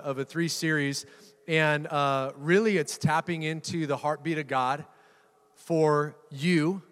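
A man's voice: on the high side, a bit bright. A male pastor preaching a sermon to a live audience, conversational and jokey, often repeating words. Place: church hall with live audience. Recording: reverberant church hall.

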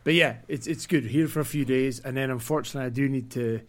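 A man's voice: medium pitch, fairly even intonation, quick pace. A Scottish man co-hosting a casual podcast, joking and rambling with plenty of fillers. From Scotland. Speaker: podcast co-host.

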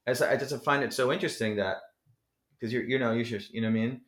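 A man from New Jersey, a rapper guest, talking in a rambling, animated way and swearing freely in a casual interview. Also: mid-range voice, quick pace. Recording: echoey room.

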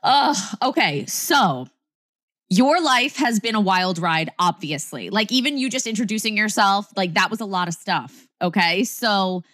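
A woman's voice: medium pitch, expressive, unhurried, fairly bright tone. A woman with a New Jersey accent hosting a story podcast, gushing and enthusiastic as she interviews a guest. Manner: gushing, enthusiastic, repeats phrases. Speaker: podcast host. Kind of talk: casual interview chat.

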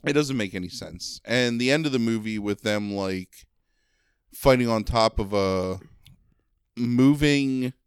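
A man's voice: medium pitch, clean tone, no echo, studio quality. A man with a slightly nasal voice, rambling sarcastically through a movie review in casual chat. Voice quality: a little nasal. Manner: rambling, sarcastic, many ums and likes. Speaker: podcast co-host reviewing a movie.

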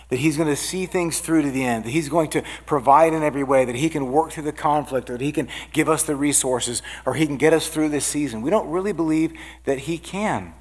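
A middle-aged man preaching a sermon as a pastor, earnest and building up as he reads out scripture. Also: a little high. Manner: earnest preaching, lively rises on quoted scripture.

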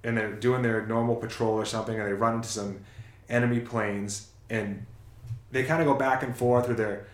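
A man's voice: mid-range voice, fairly even intonation, normal speed, roomy sound. A man casually retelling a film's plot in a rambling, self-correcting way on a chat show. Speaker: podcast co-host. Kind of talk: casual movie recap chat.

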